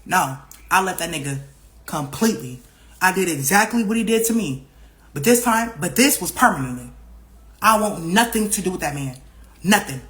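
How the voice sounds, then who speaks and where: A young woman telling a casual storytime vlog, profane and animated, repeating herself and acting out what other people said. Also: fairly low pitch. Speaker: vlogger.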